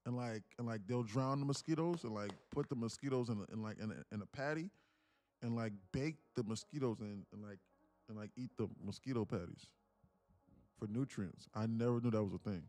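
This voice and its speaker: A man with a medium-pitched, brisk voice hosts a live day-trading stream, chatting casually with his viewers. His delivery is lively and profane, full of jokes, free swearing, and frequent laughter.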